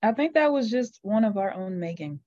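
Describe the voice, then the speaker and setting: A woman's voice: mid-range voice, animated, moderate pace, warm tone, dull audio. A woman co-hosting a podcast, chatting casually and laughing as she apologizes. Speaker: podcast co-host. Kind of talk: casual chat.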